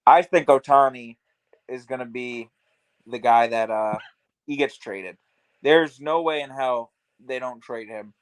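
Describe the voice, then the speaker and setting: A man co-hosting a laid-back baseball watch-along keeps the sports talk loose and chatty, sprinkling in plenty of "like." He speaks unhurriedly in a clear, resonant mid-range voice. The recording is rough, though free of echo.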